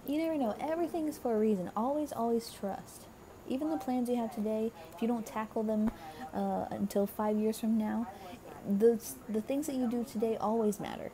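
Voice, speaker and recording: A woman's voice: a little high, steady tone, normal speed, warm tone, low-quality recording. Chatty young woman giving a card reading. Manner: chatty, encouraging, lots of "like" and "um". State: tired, voice getting crackly. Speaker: tarot card reader. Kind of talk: casual spiritual card reading.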